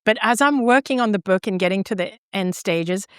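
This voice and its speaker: A middle-aged woman guest on a podcast, telling her story in an animated, expressive way and laughing easily. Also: medium pitch, fairly quick, clear, resonant tone, dry recording, clean studio sound. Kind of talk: storytelling in an interview.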